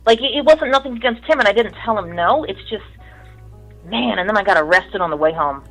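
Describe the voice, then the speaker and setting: A woman's voice: mid-range voice, lively intonation, fast talker, fairly bright tone, low-quality recording. A middle-aged woman telling stories from her music career in casual, profane talk, mimicking the people in them. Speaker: guest musician. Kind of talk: casual storytelling.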